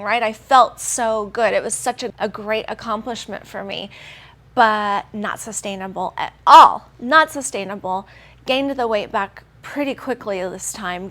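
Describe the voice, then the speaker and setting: A woman's voice: mid-range voice, a bit bright. A woman in her forties with a Southern American accent, telling her personal fitness story in an earnest, emotional testimonial. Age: 40s. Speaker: gym client giving a testimonial. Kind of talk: testimonial interview.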